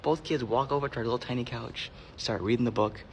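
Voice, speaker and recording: A man's voice: mid-range voice, fairly even intonation, quick pace, creaky, a little hiss or hum. A man working as a librarian, telling heartfelt stories in an earnest monologue that sometimes drops to a whisper. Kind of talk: storytelling monologue.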